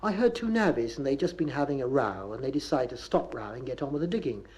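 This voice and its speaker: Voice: mid-range voice, expressive, fast, a little mellow, poor audio. Bristol comic lecturing on local dialect. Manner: mock-lecturing, dry. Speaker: comic performer. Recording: 1970s vinyl comedy record.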